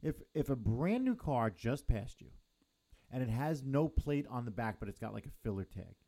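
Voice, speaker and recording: A man's voice: mid-range voice, normal speed. A man co-hosting a casual podcast, telling stories with plenty of acted-out quotes. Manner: animated storyteller acting out quotes. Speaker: podcast co-host. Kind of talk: casual chat.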